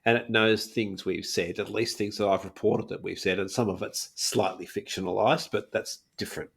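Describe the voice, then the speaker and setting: A man's voice: on the low side, normal speed, vocal fry, husky. A man of about sixty, co-hosting a casual podcast chat and chuckling often. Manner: chuckles often, relaxed banter. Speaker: podcast co-host.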